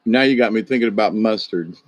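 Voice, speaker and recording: A man's voice: medium pitch, breathy edge, no echo. A middle-aged man with a Southern US drawl, hosting a casual livestream chat, rambling and chuckling as he talks to viewers by name. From American South. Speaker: livestream host.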